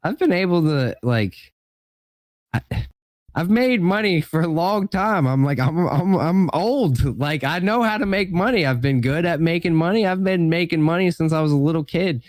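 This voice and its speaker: A man's voice: a little high, lively intonation, normal speed, no echo. A man talking as a guest on a casual podcast, rambling and filling his speech with "like" and "you know".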